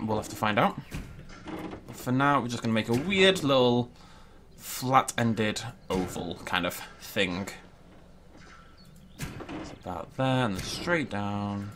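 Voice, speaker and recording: A man giving chatty, excitable gameplay commentary and thinking aloud as he plays. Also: mid-range voice, background noise. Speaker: gaming YouTuber.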